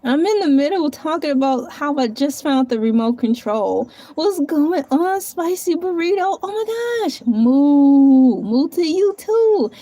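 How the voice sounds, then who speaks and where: A woman's voice: high voice, expressive, moderate pace, few pauses, mellow, no echo. A woman live streaming from home in casual chat, thanking viewers and talking to herself while she types and searches around her table. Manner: chatty, talks to herself while searching and typing.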